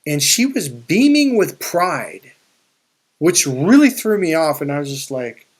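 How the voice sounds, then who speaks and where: A male spiritual and life coach talks a little slowly in a high-ish, sing-song voice. He tells viewers a casual, meandering story, swearing without restraint and restarting sentences frequently.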